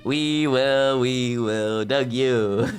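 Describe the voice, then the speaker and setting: Speaking very slowly in a medium-pitched voice, this VTuber keeps his livestream chat casual and playful. He frequently giggles and breaks into theatrical outbursts.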